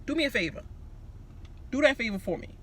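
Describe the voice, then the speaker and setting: A man's voice: very high-pitched, animated, fairly quick, a little hiss or hum, pitched above the performer's own voice, exaggerated voice. A man mimicking a hotheaded reality contestant. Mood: riled up. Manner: shouting, repeating himself, confrontational. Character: fired-up young male reality-show contestant, hotheaded.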